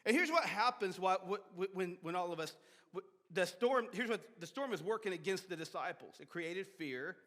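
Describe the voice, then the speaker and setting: High, bright-voiced male preacher in a reverberant church. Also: moderate pace. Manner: animated preaching with sudden shouts and soft drops; repeats and restarts words. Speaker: pastor. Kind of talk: sermon. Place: church sanctuary. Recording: long hall reverb of a church sanctuary.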